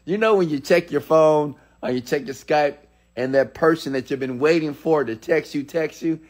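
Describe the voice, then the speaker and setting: A man in his thirties, a motivational speaker, telling a personal story in an animated way, with sudden excited shouts. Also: on the high side, normal speed.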